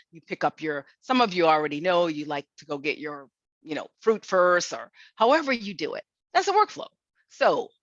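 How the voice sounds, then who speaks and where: A woman's voice: medium pitch, dry recording, highs cut off. A woman giving a seminar lecture, telling workplace stories and acting out the quoted conversations. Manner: lively storytelling, acts out quoted exchanges.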